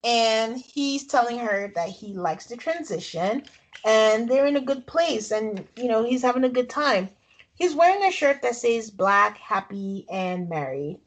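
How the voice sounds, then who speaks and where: Animated and measured in pace, a woman with a slightly high voice co-hosts a casual podcast recap of a reality show, full of chatter and frequent laughter as she retells scenes.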